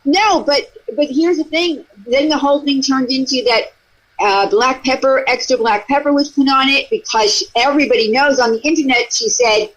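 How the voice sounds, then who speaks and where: A woman co-hosting a casual talk stream, with a slightly higher voice. She tells a rambling story with plenty of swearing and keeps defending herself as she goes. Her delivery is loose and chatty. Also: moderate pace, poor audio. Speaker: co-host.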